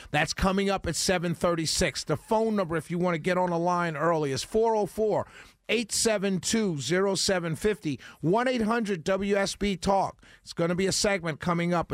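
A man's voice: a little high, dry recording. A man hosting a talk radio show, talking in an emphatic, rambling way straight to his listeners on a studio mic. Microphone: studio broadcast mic.

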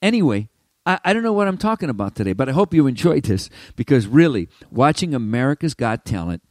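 An older man hosts his own show, talking fast in a loose, rambling monologue with his mid-range voice. He's an animated storyteller who keeps interrupting and restarting himself, his pitch swooping with lively energy. The sound is dry and close, with no echo.

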